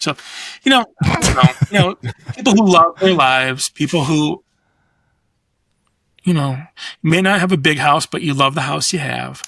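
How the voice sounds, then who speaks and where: A middle-aged man chatting as a podcast guest, rambling and profane as he tells animated stories. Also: a little high, measured pace, gravelly, long pauses, no room sound. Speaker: guest designer. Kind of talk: casual podcast chat.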